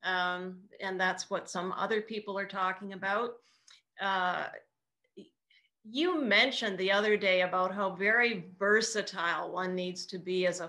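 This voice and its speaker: A woman's voice: medium pitch, measured pace, gravelly, sharp tone. A woman hosting a casual interview over a video call, asking thoughtful questions with frequent ums. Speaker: host.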